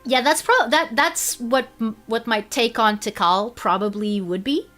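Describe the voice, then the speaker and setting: Chatty woman with a higher voice. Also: unhurried, faint music behind. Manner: chatty, animated, restarts often. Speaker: streamer. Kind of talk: casual live-stream chat.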